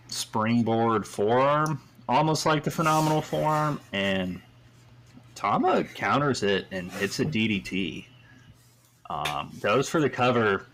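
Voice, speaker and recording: A podcast host with a lowish, fairly bright voice recaps a wrestling show. He's casual and rambling, packing his talk with fillers and hedges.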